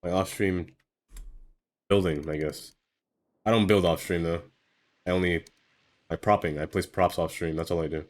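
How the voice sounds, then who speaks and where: Low-voiced man rambling while he builds. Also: fairly even intonation, moderate pace, long pauses. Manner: rambling, self-talking, trails off with fillers. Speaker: streamer. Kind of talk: casual live-stream commentary while building.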